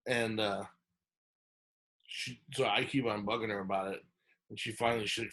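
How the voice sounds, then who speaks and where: A man's voice: medium pitch, brisk, breathy edge. A man on a podcast telling a long story in a casual, rambling way, acting out the lines he quotes and full of fillers and restarts. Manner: animated retelling, acts out quoted lines.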